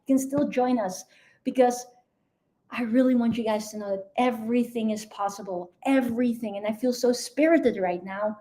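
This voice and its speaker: A woman's voice: on the high side, moderate pace, mellow. A woman mentor speaking on a motivational live video, earnest and emphatic, often repeating her key phrases.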